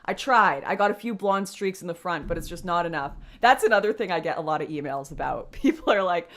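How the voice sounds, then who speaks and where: A young woman talks straight to her viewers on a casual livestream, rambling and laughing often. Her voice sits a little low, and she speaks into a computer mic. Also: expressive, fairly quick, few pauses, a bit bright. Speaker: livestream host.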